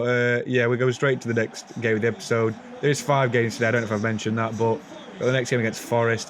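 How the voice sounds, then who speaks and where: A young man who makes gaming videos on YouTube talks casually over his football game footage, often poking fun at himself. His voice is medium-pitched, with slight background noise.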